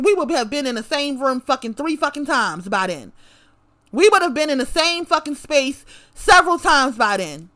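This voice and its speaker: A woman's voice: high-pitched, bright, forceful tone. A woman delivering a profane, confrontational rant straight to camera, repeating her lines for emphasis. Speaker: vlogger.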